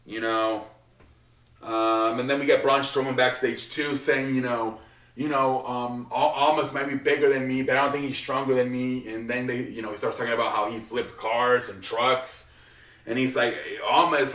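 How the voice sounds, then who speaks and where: A man's voice: medium pitch, fairly bright tone. A man giving a casual, rambling recap as host, with lots of filler words and swearing. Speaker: wrestling show recap host. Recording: roomy echo, distant from mic.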